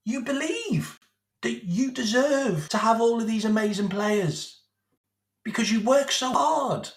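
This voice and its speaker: A man's voice: very high-pitched, big pitch swings, unhurried, a bit bright, roomy sound. A man delivering a sarcastic, sweary football rant as a vlog host, repeating his points. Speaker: football fan vlogger. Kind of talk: ranting monologue.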